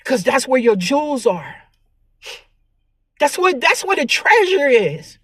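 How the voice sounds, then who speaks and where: A woman's voice: high voice, very animated, takes it slowly, fairly bright tone, dry recording. A tearful woman vlogger talking in an earnest, preachy monologue about faith and herself, often repeating her words. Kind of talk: emotional spiritual vlog monologue.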